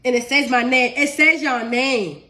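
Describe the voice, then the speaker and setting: Brief: adult woman, home cook on a live stream, sniffly from a cold, chatty and loose, higher-pitched voice. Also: unhurried, pushed and bright, a little hiss or hum. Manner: chatty, addresses viewers as y'all, laughs easily. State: sick and sniffly. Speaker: home cook and cookbook author. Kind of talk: casual live cooking stream.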